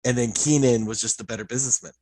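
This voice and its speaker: A man chatting on a podcast, relaxed and meandering as he thinks out loud. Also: mid-range voice, rapid-fire, no room sound. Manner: relaxed, meandering, hedging with fillers. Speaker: podcast co-host. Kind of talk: casual chat.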